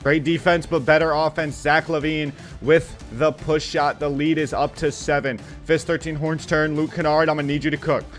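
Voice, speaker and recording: He's a gaming channel host, fairly high-voiced, narrating his own basketball video game while quiet game music plays in the background. Quick to get excited and quick to get frustrated, he chews out the players on screen using slang and profanity.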